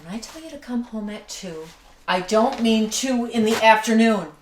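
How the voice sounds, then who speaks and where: A woman's voice: fairly high pitch, moderate pace, recorded from a distance, natural voice. An actress playing a suspicious mother who sarcastically scolds her teenager. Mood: scolding. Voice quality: sharp, sarcastic. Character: angry suspicious mother confronting her teen. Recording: echoey room with faint noise.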